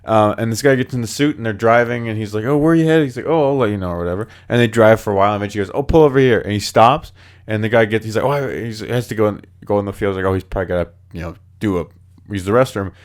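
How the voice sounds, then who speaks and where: Low-voiced man telling spooky stories casually. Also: rapid-fire. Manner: animated, acts out quoted voices, lots of filler words. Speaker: podcast host. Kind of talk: casual storytelling chat.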